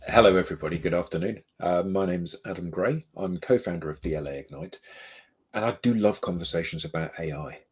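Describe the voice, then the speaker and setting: Male co-host, low husky voice, playful teasing banter. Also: fairly quick. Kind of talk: casual banter.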